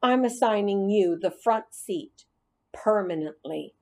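A woman's voice: mid-range voice, expressive, slow pace, mellow. A woman voicing a firm, commanding school bus driver woman. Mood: stern.

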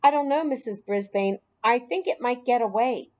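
A woman's voice: fairly high pitch, normal speed, darkish tone, voice pushed up, natural voice. A woman voicing a mischievous schoolboy in an audiobook, with a cheeky, raised voice. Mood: innocent. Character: mischievous joking schoolboy, about ten. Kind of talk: audiobook character voice.

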